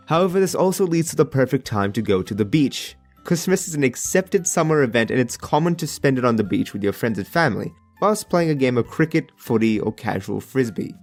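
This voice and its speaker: A man with an Australian accent telling a humorous animated story in an expressive, jokey way that bursts into exasperated rants. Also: medium pitch.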